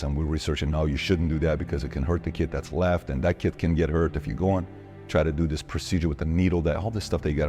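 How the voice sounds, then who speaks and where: Very deep-voiced man telling a story. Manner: animated storyteller acting out quoted dialogue. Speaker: interview guest. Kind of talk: personal storytelling in a podcast interview.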